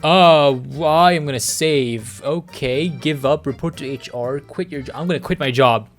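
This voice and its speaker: A man's voice: on the high side, moderate pace, faint music behind. A man streaming a story game, reading it aloud with dramatic, jokey reactions and frequent laughs.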